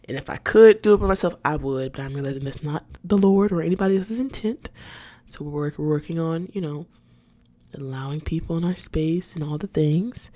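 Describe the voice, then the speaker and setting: A woman's voice: low voice, a little mellow, dry recording. A woman hosting a casual solo podcast, talking candidly and animatedly, laughing often and repeating words as she searches for them. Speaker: podcast host.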